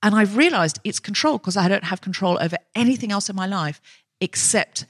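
Woman podcast host, chatty comic storyteller, mid pitch, dry close sound. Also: a little fast, no room sound. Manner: chatty, self-mocking, storytelling. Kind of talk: casual comic chat. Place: live show on stage.

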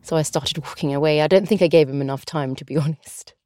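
A woman's voice: low-pitched, fast, a little mellow, dry recording, clean studio sound. A woman being interviewed who reflects on a past encounter and recounts her own thoughts. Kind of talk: personal recollection in an interview.

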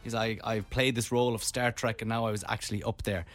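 A man's voice: lowish voice, quick pace. A man with a Dublin Irish accent hosting a radio show, telling rambling stories in casual chat. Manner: rambling animated storyteller.

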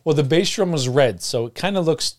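A man co-hosting a podcast in casual chat, relaxed and rambling, with a frog in his throat. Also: a little high, brisk. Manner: relaxed, rambling with fillers and laughs. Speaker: podcast co-host.

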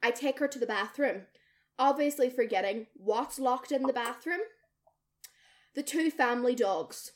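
A young woman co-hosting a casual podcast tells stories with animated energy, swearing freely and mimicking the voices of the people she describes. Her pitch is a little higher than most women's, and she talks a little slowly in this storytelling chat.

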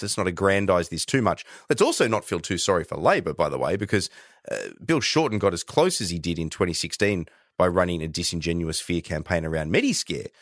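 An Australian man co-hosting a podcast, telling a political story in casual chat with animated delivery. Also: sits low, no echo, studio quality. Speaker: podcast co-host.

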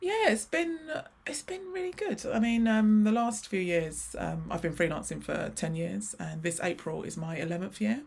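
A woman's voice: medium pitch, animated, normal speed, vocal fry, few pauses, darkish tone. A woman in her forties, a chatty interview guest who laughs often and restarts her sentences. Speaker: guest, freelance graphic designer. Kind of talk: casual interview chat.

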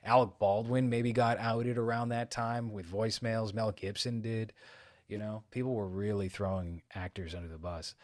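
A podcast host chatting casually, in a dry, matter-of-fact way. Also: male voice, fairly low pitch, steady tone, moderate pace, no echo. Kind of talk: casual chat.

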